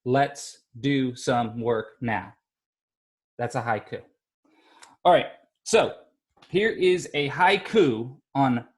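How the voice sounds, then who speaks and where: Sounding out syllables slowly for a class of young kids, this male elementary teacher stays upbeat and encouraging. His voice is medium in pitch.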